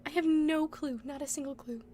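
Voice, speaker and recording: A woman's voice: sits high, fairly even intonation, moderate pace, warm tone, slight background noise. A young woman streaming, chatting casually, giggling often and hiccuping now and then. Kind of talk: casual chat.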